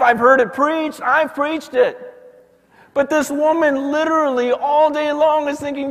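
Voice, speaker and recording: A man, a pastor, preaching a sermon and telling a story in quoted voices, swinging from hushed to loud. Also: very high voice, steady tone, unhurried. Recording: long hall reverb.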